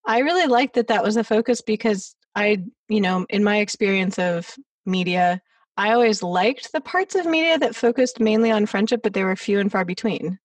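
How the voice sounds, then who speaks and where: A woman's voice: mid-range voice, expressive, moderate pace, no echo, distant mic. A woman hosting an interview podcast, chatting casually and laughing often. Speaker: podcast host. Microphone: remote recording.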